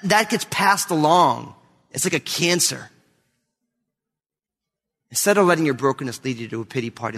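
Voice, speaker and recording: A man in his thirties preaching a sermon to his church, telling a family story with lively, acted-out voices. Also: on the high side, normal speed, long pauses, big-room sound. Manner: animated storytelling, acts out his kids' voices. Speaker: pastor. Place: church sanctuary.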